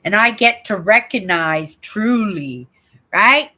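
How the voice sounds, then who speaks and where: A woman's voice: medium pitch, expressive, slow pace, sharp tone. An older woman from Canada hosting a casual livestream, reading viewer comments aloud and chatting with rambling asides and frequent "right?". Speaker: livestream host.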